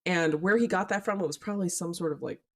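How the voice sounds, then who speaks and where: A young woman co-hosting a podcast, telling stories in an animated way and swearing casually. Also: lowish voice, quick pace. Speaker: podcast co-host. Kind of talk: casual chat.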